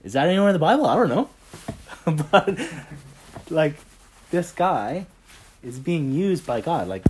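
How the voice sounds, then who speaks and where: A man leading a casual Bible study, telling stories in an animated way and filling his talk with "like" and "right?". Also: fairly high pitch, a little slow, a little hiss or hum. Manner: animated storyteller, heavy on fillers like "like" and "right?". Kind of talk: casual faith chat.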